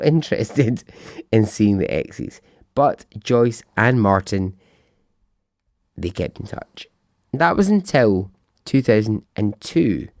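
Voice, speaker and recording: A man hosts a podcast, telling a true-crime story in a chatty, reflective manner, posing questions to himself and swearing freely. His voice is lowish and a little mellow, recorded at studio quality with no room sound.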